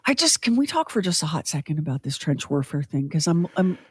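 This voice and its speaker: A woman's voice: sits low, big pitch swings, a little fast, breathy edge, no room sound, clean studio sound. A woman in her fifties hosting a podcast, chatting casually with tangents and self-deprecating humor. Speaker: podcast host.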